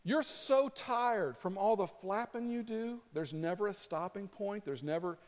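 A man preaching a sermon as pastor, animated and acting out his points with rising intensity. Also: high voice, a little slow. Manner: animated, acts out flapping with rising volume. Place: church sanctuary. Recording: long reverb of a church hall.

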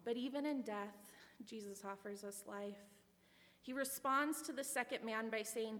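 A woman's voice: fairly high pitch, normal speed, a bit bright. A woman giving a sermon, earnest and reflective, with a personal story. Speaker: preacher. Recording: long hall reverb.

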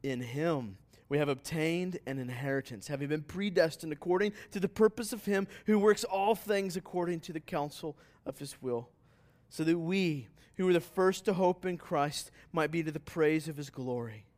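Pastor reading scripture with rising emphasis. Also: male voice, on the high side, moderate pace, hardly any pauses, a little mellow. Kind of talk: reading scripture aloud in a sermon.

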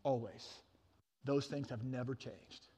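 A male pastor preaching a sermon with passion, swinging from loud declarations to hushed intensity, with frequent stammering restarts. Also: mid-range voice, fairly even intonation, unhurried, slightly rough.

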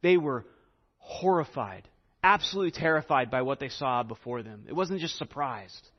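A man preaching a sermon, slow and emphatic as he explains scripture. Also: mid-range voice, lively intonation, in a large hall, lo-fi sound.

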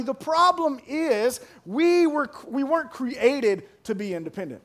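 A young man preaching a sermon as pastor, animated, repeating words and building to emphatic shouts. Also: extremely high pitch, a little slow, few pauses.

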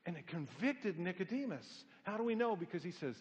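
A middle-aged pastor delivers an emphatic sermon packed with rhetorical questions and folksy, humorous stories. His fairly high voice is animated and brisk with few pauses, and the sound is dull with a long hall reverb.

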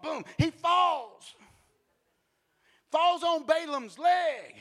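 A male preacher delivers a sermon through animated storytelling, breaking into blunt joking asides and bursts of shouting. His voice is very high and his pace slow, in a large hall.

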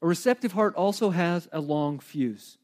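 A middle-aged man preaching a sermon in a conversational, animated way, with asides and light humor. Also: high voice, moderate pace. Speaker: pastor.

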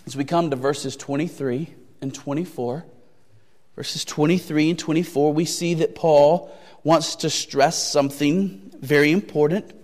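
Slow high-voiced preacher in a reverberant hall. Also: male voice, steady tone, a little mellow. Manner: deliberate, repeats key phrases for emphasis; poses searching rhetorical questions. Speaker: pastor. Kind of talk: sermon.

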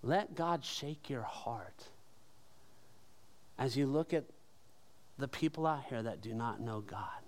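A man's voice: medium pitch, slow pace, pauses often. A man preaching a sermon as pastor, conversational and emphatic, with rhetorical questions to the congregation.

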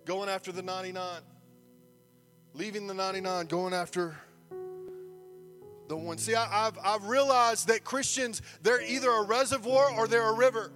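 A pastor with a high-pitched voice preaches to his congregation, telling a story with lively animation. He builds toward near-shouting at the peaks. A soft wash of music sits faintly behind him. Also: normal speed, long pauses. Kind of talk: sermon. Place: church service before a congregation.

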